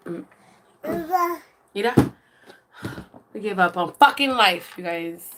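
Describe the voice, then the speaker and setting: A woman's voice: on the low side, expressive, slow, a bit bright, slight background noise. A young woman chatting casually on a phone livestream, venting that she is fed up and swearing casually. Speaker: livestream host. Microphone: phone camera.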